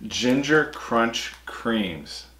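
Man, vlog co-host, relaxed label-reading, roomy echo, faint noise. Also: medium pitch, drawn-out words. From United States. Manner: reads snack labels out, short easygoing replies. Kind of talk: casual snack-tasting chat.

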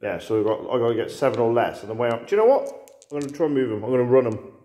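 A man who hosts a tabletop wargame in casual chat, laughs often and curses his dice out loud. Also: mid-range voice, very fast, slight background noise. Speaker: wargame player and host. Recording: echoey room.

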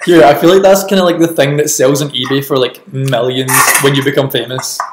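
A young man hosting a podcast, asking questions in a relaxed, teasing way with frequent giggles. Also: mid-range voice, brisk, very noisy. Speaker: podcast host. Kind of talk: casual interview chat. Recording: echoey room.

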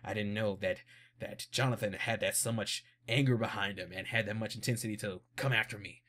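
A man's voice: lowish voice, steady tone, fairly quick, a bit bright, voice pushed down, natural voice. A man in a casual vlog voicing an arrogant, cruel young male villain in a mocking, gloating way. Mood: scheming.

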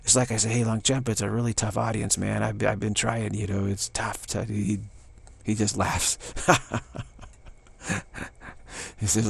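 A man's voice: lowish voice, flat delivery, normal speed, creaky, slightly rough. An older man giving an informal spiritual talk, rambling through anecdotes and acting out little dialogues with a chuckle. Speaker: spiritual teacher.

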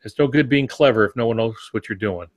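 A man co-hosting a podcast on fiction writing, explaining points in a relaxed, thoughtful way with examples. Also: medium pitch, fast talker, dry recording. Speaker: podcast co-host. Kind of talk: casual podcast discussion on writing.

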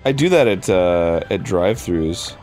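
A man co-hosting a gaming show, animated and joking as he teases his co-host and adds to the stories. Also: sits low, unhurried, faint music behind. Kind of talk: casual banter while gaming.

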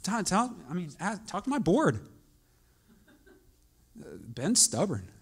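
A male pastor preaching with a voice set somewhat high for a man. He shifts from soft, reflective storytelling to raised, urgent exhortation, pushing the congregation to respond. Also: takes it slowly, slightly rough. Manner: animated preaching, builds from quiet musing to loud urging. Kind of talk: sermon.

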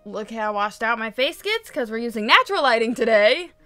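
A woman hosting a casual let's play, chatting excitably and exclaiming as she plays. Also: a little high, fairly quick, over music. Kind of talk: casual gameplay commentary. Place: home, in daytime.

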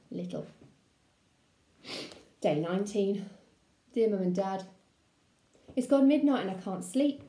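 A woman primary school teacher reading a children's book aloud to her class, with an expressive, playful delivery. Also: mid-range voice, roomy sound.

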